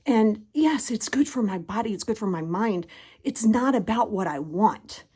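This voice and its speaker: A woman in her fifties, sweaty after a workout, giving a casual motivational talk at home, animated and chatty, acting out the voices in her head. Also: medium pitch, normal speed, breathy edge. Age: 50s. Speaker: motivational podcast host. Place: at home in a bedroom.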